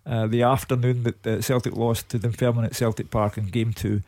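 A man's voice: medium pitch, flat delivery, fairly quick, darkish tone, dry recording, studio quality. An older man with a Scottish accent giving football punditry on radio, grumpy and emphatic.

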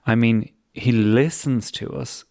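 A man's voice: mid-range voice, steady tone, takes it slowly, creaky, a little mellow. A man hosting a casual podcast, reading out listener emails in a jokey, easygoing way. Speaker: podcast host.

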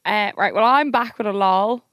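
A woman's voice: medium pitch, moderate pace, fairly bright tone, clear, resonant tone, no echo, clean studio sound. A young Irish woman co-hosting a podcast, joking playfully in an easygoing, casual chat. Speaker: podcast co-host.

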